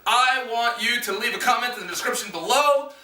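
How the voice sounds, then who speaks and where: A woman's voice: a little high, animated, fairly quick, bright, forceful tone. An American woman vlogger with an exasperated, emphatic and sarcastic manner, ranting straight at the camera. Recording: roomy echo, distant from mic.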